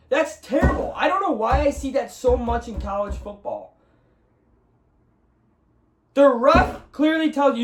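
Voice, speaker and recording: Young man, high voice, profane heated rant, roomy echo, set back from the mic. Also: recorded from a distance. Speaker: sports podcast host. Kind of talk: casual solo commentary.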